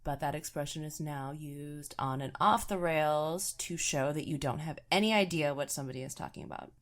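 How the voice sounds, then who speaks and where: A woman's voice: low-pitched, moderate pace. A woman co-hosting a travel podcast, chatting casually in a dry, self-deprecating way. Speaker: podcast co-host. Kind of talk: casual chat.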